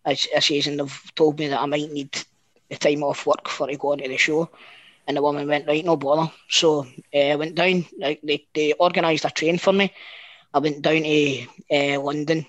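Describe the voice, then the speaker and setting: A middle-aged Scottish man telling a long, animated story in casual chat, swearing freely and often restarting his sentences. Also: a little high, moderate pace, no echo, low-quality recording.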